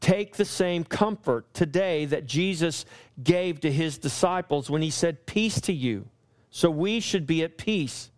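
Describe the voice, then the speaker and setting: A man preaching a sermon as pastor, pressing his points with repeated lines and slowing down when he quotes scripture. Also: a little high, a little mellow.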